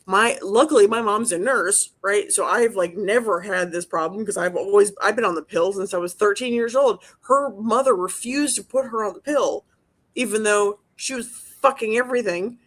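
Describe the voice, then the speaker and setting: A woman's voice: medium pitch, normal speed. A woman telling a personal story on a podcast, emotional and freely swearing. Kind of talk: casual podcast chat.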